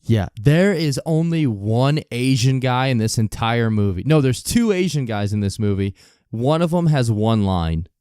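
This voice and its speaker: Male podcast host, casual and profane, loose storytelling, smooth clear voice, dry close mic. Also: mid-range voice, animated, a little slow, dark tone, dry recording. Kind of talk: casual podcast chat, reading out a quote.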